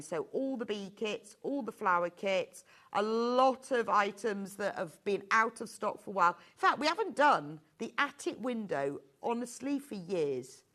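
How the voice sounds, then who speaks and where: A chatty, enthusiastic woman in middle age, showing off craft kits on a live shopping broadcast. She talks at an easy mid pitch, gushing over each item as she goes. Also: a bit bright. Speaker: shopping channel presenter. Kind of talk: live sales presentation.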